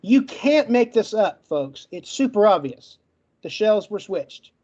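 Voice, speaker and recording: A man giving a debate closing argument in a rapid, list-like way, with a stutter that makes him get stuck on words. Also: sits high, sing-song, warm tone, dull audio. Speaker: debate participant.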